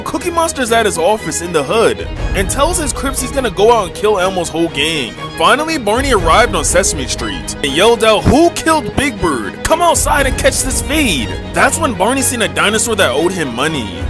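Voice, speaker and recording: A man tells an absurd parody story in a deadpan, mock-serious voice-over. His voice sits high and moves a lot. Music plays clearly under him. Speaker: narrator.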